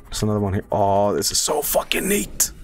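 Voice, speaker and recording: A man streaming a video game live, talking to his chat in a casual, excitable way, swearing often and breaking into loud repeated exclamations. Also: fairly low pitch, brisk, a little hiss or hum. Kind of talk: live gameplay commentary.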